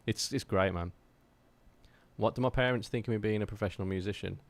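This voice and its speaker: An English man talks to his live-stream chat in a slightly low voice. He rambles with plenty of fillers and restarts, but stays earnest and fired up as he urges listeners to keep pushing toward their creative goals. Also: brisk. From England.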